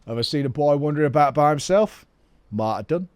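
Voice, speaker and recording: A man voicing a matter-of-fact male gate guard in a video game, speaking low and brisk. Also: animated, a little mellow, smooth, no echo, close to an everyday voice.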